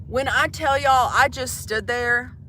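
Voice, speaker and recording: A woman's voice: sits high, steady tone, measured pace, pushed and bright, a little hiss or hum. A young woman telling a comic, profane story to live viewers from inside a van, exasperated and swearing freely. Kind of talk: casual storytelling livestream.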